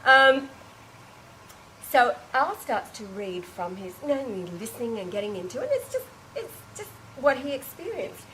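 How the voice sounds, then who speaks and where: A woman's voice: on the high side, moderate pace, a little hiss or hum, low-quality recording. Emotive woman telling a personal story. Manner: animated and emotive, with frequent exclamations and restarts; laughs and tearful breaks while telling. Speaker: storyteller recounting an experience to a small group.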